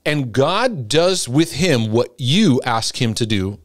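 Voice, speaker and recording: A middle-aged man teaching in a sermon-like broadcast, acting out pleading prayers in a high voice. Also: expressive, slow pace, no room sound, clean studio sound. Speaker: Christian teacher and coach.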